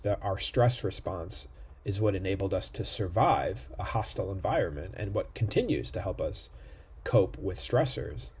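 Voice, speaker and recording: Husky low-voiced male lecturer. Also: darkish tone. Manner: explanatory, frequent "right?" check-ins. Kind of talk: recorded online lecture. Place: indoor room near a street.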